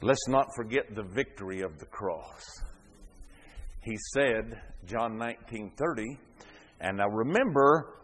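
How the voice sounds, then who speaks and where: Man, pastor, sermon, very slow deliberate delivery, loud fervent peaks, quiet drops. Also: lowish voice.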